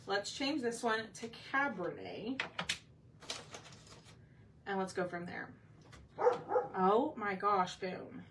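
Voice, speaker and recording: Slow and expressive, pausing often, a woman with a mid-range voice hosts a casual live painting session as a craft painting host. She chats, thinks aloud while working, and asks viewers for their opinions; the slightly distant mic catches faint background noise.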